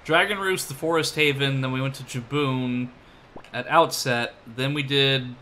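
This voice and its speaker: A man's voice: medium pitch, fairly even intonation, measured pace, sharp tone, slight background noise. Rambling, laughing male game streamer. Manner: rambling, self-deprecating, laughs often. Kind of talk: casual let's-play commentary. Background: game music.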